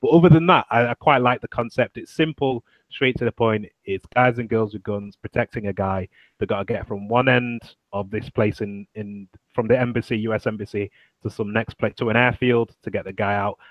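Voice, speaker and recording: A man's voice: on the low side, steady tone, brisk, no room sound, muffled recording. A man co-hosting a podcast, chatting casually and animatedly about film trailers, swearing freely and mimicking lines. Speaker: podcast co-host.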